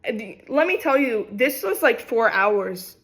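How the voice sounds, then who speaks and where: Animated young woman telling a story. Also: a little high, measured pace. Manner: animated, dramatic retelling with acted quotes. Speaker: vlogger. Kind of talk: casual storytime.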